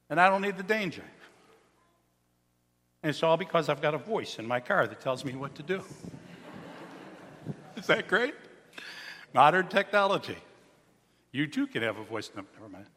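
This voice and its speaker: Lively high-voiced pastor preaching in a reverberant hall. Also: male voice. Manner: storytelling, animated, acting out quoted people. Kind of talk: sermon.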